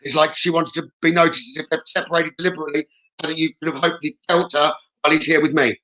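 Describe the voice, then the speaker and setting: A psychic medium gives a live-streamed spirit reading at a rapid pace, his bright voice sitting a little high. He passes on messages steadily and reassuringly, often checking in with his listener, though the audio is poor.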